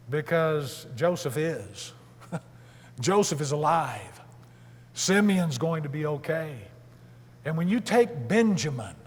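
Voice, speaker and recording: A man preaching a sermon to a congregation in a deliberate, emphatic way, posing rhetorical questions as he works through scripture. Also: fairly high pitch, long reverb tail. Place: church service hall.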